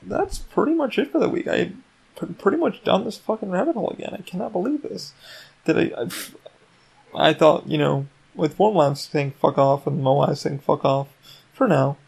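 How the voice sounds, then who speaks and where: A man hosting his own podcast, rambling excitedly and swearing often, with many restarts. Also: fairly high pitch, creaky, slightly rough. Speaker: podcast host. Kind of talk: casual solo podcast rant.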